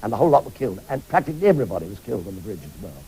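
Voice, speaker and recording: A man's voice: fairly low pitch, big pitch swings, rapid-fire, mellow, breathy edge, low-quality recording. An older man recounting memories from a naval battle in a vivid, emphatic way.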